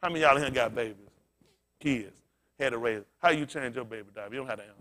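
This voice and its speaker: A male pastor giving a casual, storytelling sermon, asking his congregation questions and swinging from loud bursts to quiet murmurs. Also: mid-range voice, quick pace. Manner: conversational preaching, swings from loud excited peaks to quiet murmurs.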